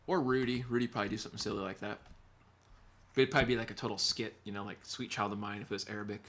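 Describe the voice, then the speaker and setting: A man's voice: lowish voice, fairly even intonation, rapid-fire, a bit bright, a little hiss or hum. A man, a guitar teacher, chatting casually on a livestream and reading viewer comments, rambling and laughing easily.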